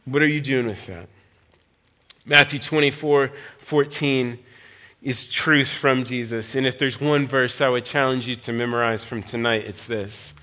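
A man's voice: medium pitch, fairly even intonation, unhurried, sharp tone. A man preaching as a guest speaker, earnest and challenging, asking his listeners many questions. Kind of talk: sermon.

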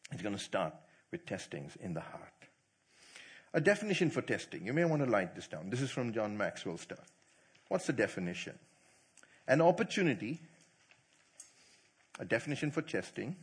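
A man preaching to church leaders, quizzing the audience and telling stories with animated delivery. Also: mid-range voice, slightly rough. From not from India. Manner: animated, asks the audience questions, laughs easily. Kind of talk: sermon.

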